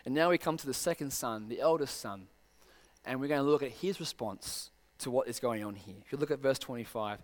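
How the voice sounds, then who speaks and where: Man, earnest preacher, slightly high voice, long reverb. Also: sing-song, moderate pace, fairly bright tone. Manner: earnest, rising to pointed rhetorical questions. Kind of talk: sermon.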